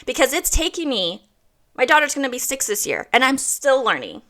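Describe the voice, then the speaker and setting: A woman's voice: high-pitched, sing-song, a little fast, sharp tone. A woman in her thirties giving a blunt, emphatic motivational monologue, swearing freely and repeating her points for weight. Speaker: host.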